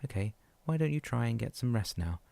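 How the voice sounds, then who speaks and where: A man voicing a patient female nurse in a soft, calming tone. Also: medium pitch, a little fast, creaky, dry recording. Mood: soothing.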